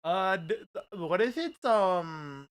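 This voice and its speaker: A man on a livestream in casual chat, playful and halting, trailing off into fillers. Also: high voice, expressive, fairly bright tone, clean tone. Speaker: streamer and voice actor.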